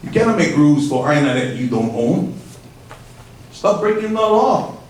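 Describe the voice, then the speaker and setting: A man's voice: on the high side, very animated, moderate pace, slight background noise. A man from Hawaii giving impassioned, insistent public testimony at a planning meeting. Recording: echoey meeting room from far off.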